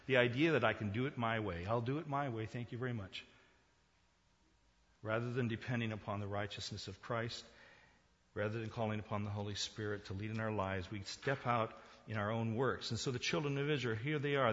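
A man's voice: mid-range voice, normal speed, muffled recording. Man preaching in an echoing hall. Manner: swings from quiet to loud, emphatic preaching. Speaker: pastor. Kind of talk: sermon.

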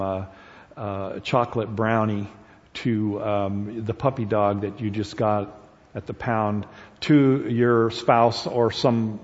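Male preacher, slow, halting delivery, muffled lo-fi recording in a reverberant sanctuary. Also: fairly low pitch, a little mellow. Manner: halting, many fillers and restarts; grows emphatic and repetitive at points. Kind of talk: sermon. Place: church sanctuary. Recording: dull lo-fi sound with long hall reverb.

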